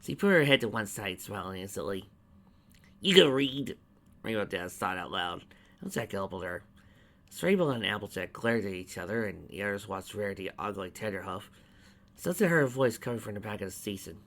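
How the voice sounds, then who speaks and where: A man reading fan fiction aloud, his pitch swinging up and down a lot, stumbling and restarting words now and then, sounding like an amateur reader at home rather than a polished narrator. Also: expressive, a bit bright. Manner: halting reading with frequent restarts.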